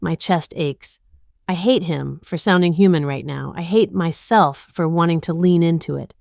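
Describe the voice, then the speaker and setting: A woman narrates a dramatic story in the first person, keeping her delivery tense and inward. Her voice sits on the lower side. The recording is dry, with no room sound at all. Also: normal speed, gravelly, a little mellow, no echo.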